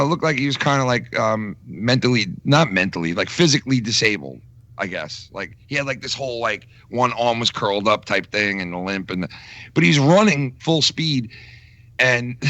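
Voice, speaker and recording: Man, from New York, gravelly, sharp-toned, profane, rambling, casual podcast storytelling. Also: medium pitch, no room sound. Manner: profane, rambling, laughs through stories. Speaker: podcast co-host.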